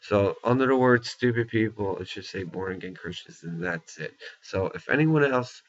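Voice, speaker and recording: A man with a mid-range voice and vocal fry rants at normal speed, his intonation lively. Angry and profane, he speaks to the camera bluntly and repetitively, leaning on "okay?" and "you know". It's captured as a dull lo-fi recording.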